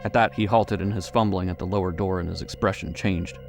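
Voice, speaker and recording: A man narrating a horror audiobook in a measured, suspenseful way. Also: low-pitched, fairly even intonation, vocal fry, music in the background.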